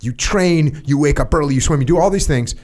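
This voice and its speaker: A middle-aged man hosting a podcast, trading training memories in casual chat, animated, laughing, and swearing freely. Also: fairly high pitch, brisk. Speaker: podcast host, former Navy SEAL. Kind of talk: casual conversation.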